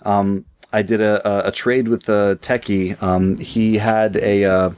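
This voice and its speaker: A man's voice: fairly low pitch, little pitch movement, a little slow, darkish tone, clean tone. A man co-hosting a casual podcast, wry and teasing, with many fillers and restarts. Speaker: podcast co-host.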